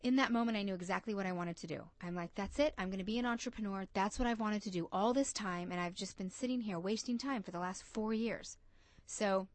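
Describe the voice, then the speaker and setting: A woman's voice: mid-range voice, brisk, hardly any pauses, dry recording. A woman from the United States, a coach and entrepreneur, telling a story in an interview and acting out the voices she quotes.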